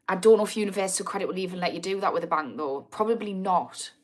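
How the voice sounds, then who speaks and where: A woman's voice: fairly low pitch, fast. Blunt Geordie woman hosting a live Q&A. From Newcastle, England. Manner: blunt, swears freely, answers viewer comments. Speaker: addiction recovery livestream host. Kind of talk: live Q&A chat.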